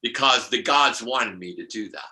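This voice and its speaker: A man's voice: mid-range voice, normal speed, bright, forceful tone, low-quality recording. An older man, a numerologist guest, telling rambling spiritual stories with many restarts and laughs.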